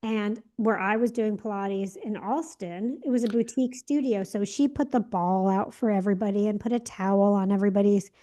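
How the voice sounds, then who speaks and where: A woman's voice: medium pitch, steady tone, a little fast, hardly any pauses, dark tone. A young woman co-hosting a podcast, telling a story in casual chat and acting out the lines she quotes. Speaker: podcast co-host.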